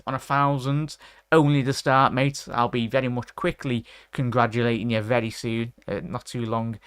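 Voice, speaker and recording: A man hosting a casual live fan stream, rambling, giving shout-outs to viewers and ranting in frustration. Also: medium pitch, clear, resonant tone, no echo, studio quality. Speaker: host of a fan watchalong stream.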